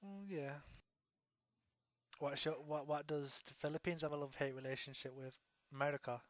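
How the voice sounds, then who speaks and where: A man's voice: on the high side, fairly even intonation, normal speed, no room sound. A man hosting a casual online talk show, blunt and joking with crude humor. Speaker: host.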